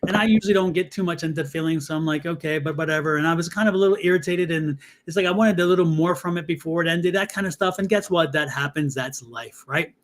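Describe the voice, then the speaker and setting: A man co-hosting a live tarot stream, telling a personal story in a casual, conversational way. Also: fairly high pitch. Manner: storytelling, conversational, quick asides. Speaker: tarot reader co-host.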